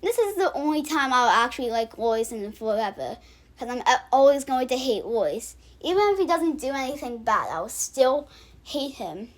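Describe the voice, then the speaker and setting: High-voiced rambling woman ranking episodes. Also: animated, moderate pace. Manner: rambling, with frequent restarts and filler words. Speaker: channel host. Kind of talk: casual episode-ranking commentary.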